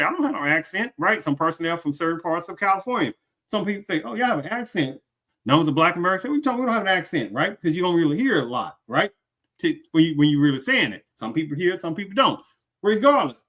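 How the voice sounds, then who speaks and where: A man's voice: high voice, pushed and bright. A man hosting a commentary show, talking in an emphatic, rambling way with many restarts and a repeated "you get the point, right?". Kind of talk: unscripted opinion commentary.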